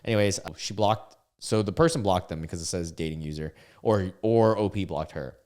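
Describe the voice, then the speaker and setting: Young man, low-pitched voice, casual reaction commentary, halting, stumbles over words. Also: a little mellow. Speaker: YouTube reaction host. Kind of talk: casual commentary reading online posts.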